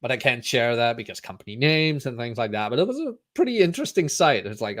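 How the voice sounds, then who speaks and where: A man's voice: mid-range voice, very animated, fast, hardly any pauses, a bit bright, no room sound, studio quality. A man who hosts a casual livestream and rambles chattily and jokingly to his viewers. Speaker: streamer, channel host.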